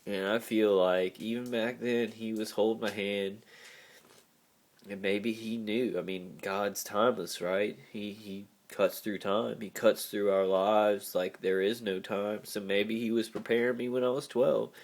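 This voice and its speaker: Emotional rambling man with a low voice. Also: steady tone, unhurried. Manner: emotional, rambling, heavy on fillers. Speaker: vlogger. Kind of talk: confessional video journal.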